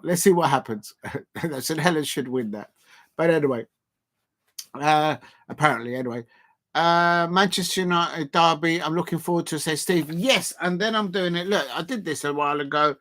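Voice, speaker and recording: A man's voice: a little high, normal speed, a bit bright. A man hosting a casual live stream, reading out viewer comments and rambling with lots of fillers and restarts.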